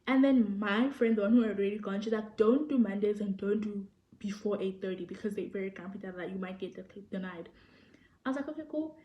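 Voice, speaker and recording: A young South African woman with a South African accent, telling a story to the camera in an animated, excitable way and acting out what people said. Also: mid-range voice, brisk. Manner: animated, excitable storytelling, acts out quoted people, repeats phrases. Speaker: vlogger. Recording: echoey room.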